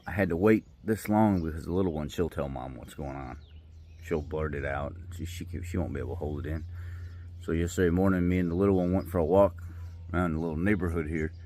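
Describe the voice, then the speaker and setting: Man, very low voice, folksy and rambling, faint background noise. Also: a little fast, a little mellow. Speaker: vlogger. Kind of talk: casual storytelling vlog. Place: outdoors by a river.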